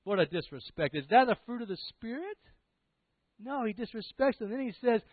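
An emphatic male preacher delivering a sermon, his fairly high voice swinging widely as he presses rhetorical questions. The sound is thin and tinny, like a phone line. The audio is dry, with no room echo. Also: lively intonation, fast talker.

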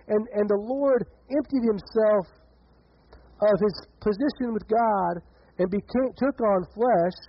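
A man's voice: high voice, slight background noise. A male pastor preaching a sermon in an earnest way, often repeating words as he builds, in a dull lo-fi recording.

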